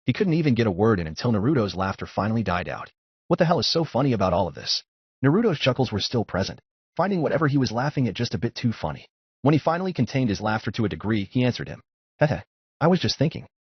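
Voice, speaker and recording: Male story narrator, steady audiobook reading, husky tone, dry dull recording. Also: mid-range voice, fast, dry recording. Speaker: fanfiction narrator.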